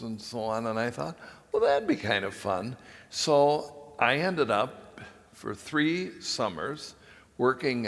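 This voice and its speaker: An older man, a priest, giving a homily as a folksy, rambling personal story with frequent pauses. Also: lowish voice, a bit bright. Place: large church. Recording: long church reverb.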